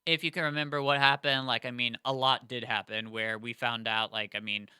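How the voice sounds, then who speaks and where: Excitable rambling male podcast host. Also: mid-range voice, brisk, smooth, no echo, studio quality. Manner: excitable, rambling, full of fillers. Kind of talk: casual podcast chat.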